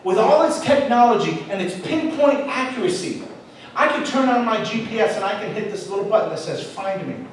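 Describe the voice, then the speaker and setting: High-voiced pastor preaching in an echoey hall. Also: male voice, brisk, a little hiss or hum. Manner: storytelling, animated, shifts between loud emphasis and soft asides. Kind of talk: sermon. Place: church auditorium. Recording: echoey hall, mic at a distance.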